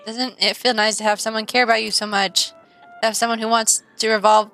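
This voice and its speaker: A woman voicing a shy teenage girl in a game who grows possessive and intense, read in a soft, creeping way. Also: fairly high pitch, flat delivery, brisk, faint music behind, poor audio. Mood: obsessive.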